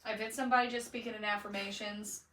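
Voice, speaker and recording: A woman's voice: medium pitch, little pitch movement, fast talker, a bit bright. Laid-back, slangy woman podcast co-host. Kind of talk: casual podcast chat. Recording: roomy, distant mic, faint noise.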